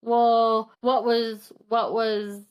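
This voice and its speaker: A woman's voice: a little high, flat delivery, very slow, smooth. A woman co-hosting a book podcast, chatting casually and acting out the characters' lines as she retells the plot, with lots of "like" fillers.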